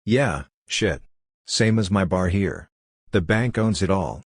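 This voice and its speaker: A man's voice: deep voice, animated, slow pace, breathy edge, dry recording, studio quality, full character voice. A man reading the part of a fat, boisterous cowboy bartender with a blunt, folksy way of talking.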